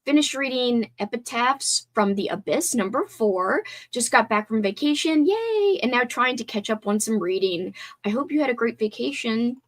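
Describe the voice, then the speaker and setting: A woman's voice: fairly high pitch, animated, normal speed, few pauses. A woman hosting a casual livestream, chatting and reading viewer comments aloud. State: teary, voice breaking. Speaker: livestream host.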